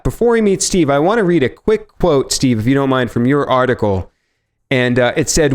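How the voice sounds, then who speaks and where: A man hosting a marketing podcast, introducing his guest in a chatty, self-mocking way with some fillers. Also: medium pitch. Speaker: podcast host.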